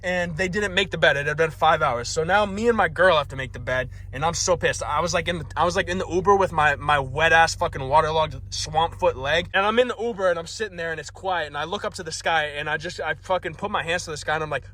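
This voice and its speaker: A man's voice: a little high, fast, hardly any pauses, pushed and bright. A young man vlogging, telling a comedic story in an exasperated, profane, self-mocking rant.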